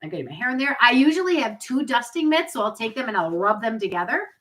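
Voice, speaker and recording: A woman's voice: on the high side, sing-song, quick pace, a bit bright, rough recording. A woman in her forties hosting a live product demo on webcam, chatty and upbeat, with asides to her viewers. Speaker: product party host.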